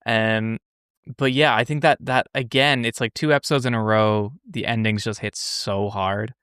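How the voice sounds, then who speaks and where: A man's voice: on the low side, steady tone, moderate pace, fairly bright tone, smooth, dry recording, studio quality. A man co-hosting a podcast in casual chat, thoughtful and asking questions. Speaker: podcast co-host.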